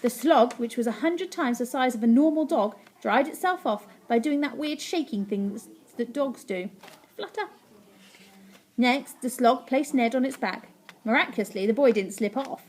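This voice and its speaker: A woman teacher reading a story aloud to her class, animated and playful, with sound effects. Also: a little high, normal speed, a little hiss or hum.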